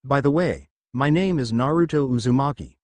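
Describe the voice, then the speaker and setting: A man's voice: medium pitch, moderate pace, a little mellow, no echo, natural voice. A man voicing a brash, blunt teenage boy ninja in a fan story reading who grumbles and teases.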